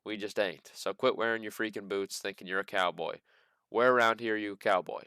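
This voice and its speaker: A man's voice: on the low side, a little fast, pushed and bright, smooth, no room sound, studio quality. A man hosting a casual stock market commentary, rambling through earnings reports with joking, sarcastic asides. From American Midwest. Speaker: stock market channel host.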